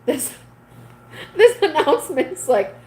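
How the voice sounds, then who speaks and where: A woman's voice: lowish voice, expressive, moderate pace, darkish tone, poor audio. Chatty woman livestreaming to her viewers. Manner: chatty, reads viewer comments aloud, laughs often. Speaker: livestream host. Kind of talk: casual live chat with viewers.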